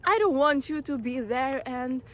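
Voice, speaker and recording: Woman, high voice, unhurried; earnest self-help vlogger talking straight to camera. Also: a bit bright. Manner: earnest, direct, repeats phrases for emphasis. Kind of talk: motivational talk to camera.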